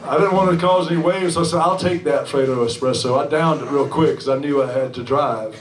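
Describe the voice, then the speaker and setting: A man's voice: on the high side, fairly even intonation, fast. A man fronting a band, telling a loose, rambling story between songs, swearing freely and chuckling, heard live on stage in a restaurant venue. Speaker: singer-songwriter and bandleader. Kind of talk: between-song stage banter. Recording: echoey live room from far off.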